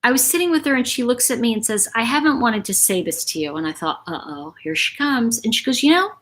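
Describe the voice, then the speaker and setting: A woman's voice: on the high side, animated, fast. A middle-aged woman hosting a casual live chat, talking in a rambling, chatty way to her viewers. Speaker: livestream host.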